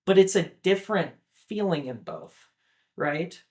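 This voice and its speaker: Higher-voiced man rambling eagerly about film. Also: lively intonation, unhurried. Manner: enthusiastic, rambling with many "like" fillers. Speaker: podcast co-host. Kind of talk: casual film discussion.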